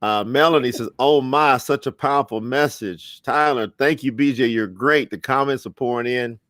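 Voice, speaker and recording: A man's voice: mid-range voice, normal speed, fairly bright tone, dry recording. Man, interview host, upbeat motivational delivery, dry close-miked voice. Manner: enthusiastic, motivational, reads viewer comments aloud. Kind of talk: live-streamed interview wrap-up.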